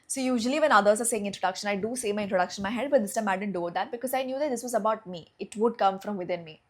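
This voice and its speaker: A woman's voice: mid-range voice, racing. A young woman with an Indian English accent, telling a personal story to camera in a casual, chatty way, full of fillers and acted-out thoughts. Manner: chatty, many fillers, acts out her own thoughts. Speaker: vlogger.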